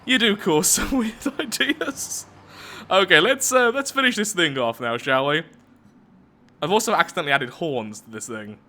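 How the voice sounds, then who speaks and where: A man's voice: high voice, expressive, moderate pace, pushed and bright. A man commenting casually on his own gameplay as he builds, thinking aloud in a chatty, self-mocking way. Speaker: let's play gameplay host.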